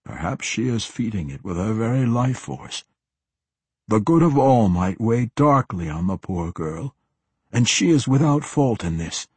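Old male half-orc merchant played by a man, audiobook character, low husky voice, genteel, chuckling. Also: very animated, unhurried, a little mellow, no echo, full character voice. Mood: grave.

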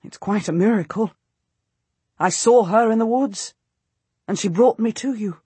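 A woman voicing an earnest, devoted young male knight in an audiobook, with a hushed, respectful urgency. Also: mid-range voice, measured pace, slightly rough, no echo. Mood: puzzled.

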